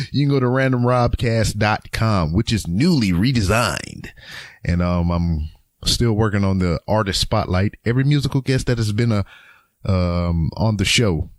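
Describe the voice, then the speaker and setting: A young man from Louisiana with a low voice, rambling through his podcast sign-off in a loose, chatty way. His voice is dry and close to the mic, with no room echo. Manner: rambling and chatty, with frequent ums and chuckles. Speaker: podcast host. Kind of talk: casual solo podcast outro.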